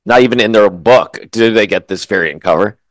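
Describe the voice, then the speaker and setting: A man giving a casual, animated and opinionated spoken comic book review, with frequent asides and restarts, eating as he talks. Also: lowish voice, fairly quick, no echo. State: chewing food while talking.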